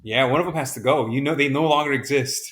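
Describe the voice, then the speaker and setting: A man's voice: mid-range voice, fast, a bit bright. A man co-hosting a podcast in casual chat, joking and swearing freely. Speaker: podcast co-host.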